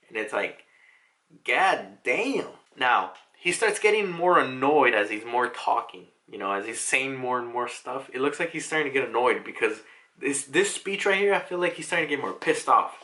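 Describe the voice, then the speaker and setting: A man's voice: medium pitch, expressive, normal speed, bright, forceful tone. A young man casually recapping a comic chapter, chatty and laughing, with frequent swearing. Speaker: manga reaction youtuber.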